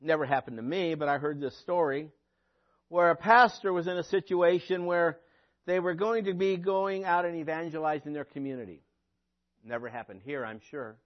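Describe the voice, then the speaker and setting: Male pastor, high voice, emphatic sermon delivery with sarcastic asides; muffled lo-fi audio. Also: normal speed. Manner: preachy, rising to emphatic peaks, dry sarcastic asides.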